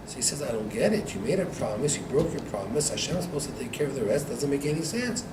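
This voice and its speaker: A man, a rabbi, teaching a Torah class to students, telling a story with lively acted-out dialogue and frequent laughter. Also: mid-range voice, fast talker. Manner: animated joke-telling, acting out dialogue, laughs often. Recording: echoey room recorded from far off, noisy.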